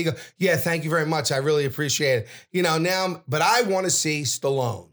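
A middle-aged man tells a story as a podcast guest, his voice pitched a little high. He gets loud and brash and swears freely. He acts out each character's lines in voices of their own. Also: fast, few pauses. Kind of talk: animated storytelling.

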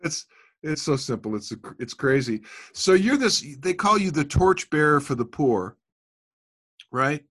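A man's voice: fairly high pitch, big pitch swings, measured pace, fairly bright tone. A man hosting an interview, chatting enthusiastically and sharing anecdotes. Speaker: host. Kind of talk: interview chat.

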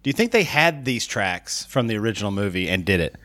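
A jokey man in a casual film podcast chat, quick to laugh and tease. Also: fairly low pitch, big pitch swings, pushed and bright, no echo.

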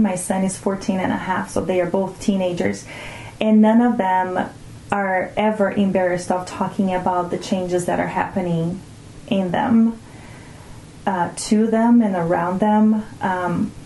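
A woman in her forties from Brazil, speaking in an earnest, thinking-aloud interview manner. Her voice sounds dark and mellow. The room adds a noticeable echo. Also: medium pitch, a little hiss or hum. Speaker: guest, mother of two teenagers. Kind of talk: reflective conversational interview. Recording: roomy echoing room.

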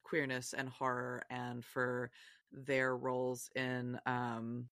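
A woman's voice: rumbling low, completely flat delivery, slow, fairly bright tone, no room sound, studio quality. A woman guest on a podcast, chatting casually in a rambling, self-deprecating way and laughing often. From Virginia, US.

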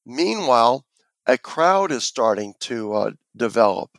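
A man's voice: mid-range voice, measured pace, no echo. A man telling a long personal story in an interview, acting out the voices of the people in it. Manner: animated storyteller, acts out quoted voices. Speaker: interview guest.

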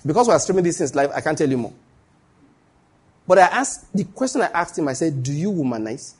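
A Nigerian male pastor preaching a live-streamed sermon, telling stories and repeating key phrases for emphasis, dropping to a hush and then rising. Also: a little high, very animated, fairly quick, breathy edge. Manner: dramatic shifts between hushed and raised voice.

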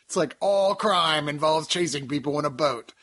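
A man co-hosting a casual movie review chat, talking animatedly and jumping into jokey asides. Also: normal speed. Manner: animated, jumps into high-pitched jokey asides. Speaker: podcast co-host.

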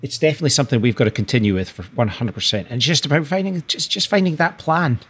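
A man's voice: medium pitch, rapid-fire, a bit bright, breathy edge. A man co-hosting a podcast, chatting casually, joking and agreeing often. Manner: agreeable, jokey, frequent "that's right". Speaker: podcast co-host. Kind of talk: casual chat.

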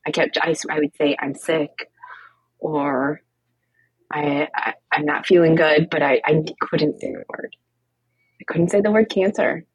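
A woman's voice: deep voice, husky, no echo, highs cut off. A woman guest on a podcast, telling her story with candor, acting out the dialogue and filling it with "like". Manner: animated, acts out quoted dialogue with frequent "like" fillers. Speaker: podcast guest, cancer coach. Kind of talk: candid storytelling conversation.

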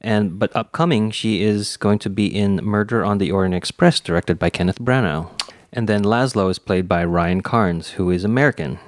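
Man, low voice, dry sound, casual chat, lists actor credits. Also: normal speed, few pauses, no room sound. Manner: reads off cast trivia in a steady flow. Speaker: podcast co-host.

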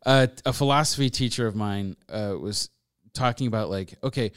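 A man who works as a radio DJ, guesting on a show and telling a story in a lively way, laughing often and rattling off quick asides. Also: lowish voice, clear, resonant tone. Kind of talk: casual storytelling.

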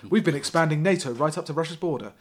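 A man's voice: fairly high pitch, quick pace, natural voice. A man reading a grave female chancellor, no accent. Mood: ominous. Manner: plain reading voice, no accent attempted. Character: grave female European chancellor, warning and shrewd. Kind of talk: comic reading of a thriller novel.

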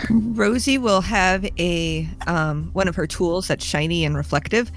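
A woman's voice: fairly low pitch, unhurried, soft background music. A woman playing a tabletop role-playing game, describing her character's actions in a chatty, giggly way. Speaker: player. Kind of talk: casual tabletop role-play.

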